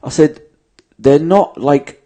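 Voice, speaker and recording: A man's voice: a little high, takes it slowly, warm tone. A man, a podcast host in casual chat, giving emphatic, sweary advice and acting out bits of dialogue.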